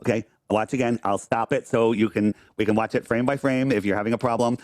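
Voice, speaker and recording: A man's voice: mid-range voice, steady tone, quick pace, darkish tone, no room sound, studio quality. A man on a livestream debating a caller, insistent and repeating himself. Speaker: streamer arguing with a caller.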